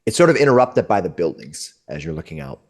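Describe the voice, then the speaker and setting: Lower-voiced man running a tabletop game. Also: very animated, fast. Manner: descriptive and meandering, with frequent restarts. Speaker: game master.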